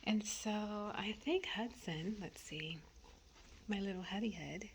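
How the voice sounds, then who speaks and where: A woman vlogging from her bedroom, thinking aloud in a soft, often half-whispered voice with lots of ums and trailing thoughts. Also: mid-range voice, slow, a little hiss or hum. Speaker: home decor vlogger. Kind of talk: casual thinking-aloud vlog.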